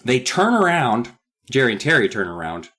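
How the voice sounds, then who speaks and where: A man's voice: mid-range voice, sing-song, moderate pace, pushed and bright. A man co-hosting a comedy podcast, recapping a book in a sarcastic, profane way. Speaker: podcast co-host.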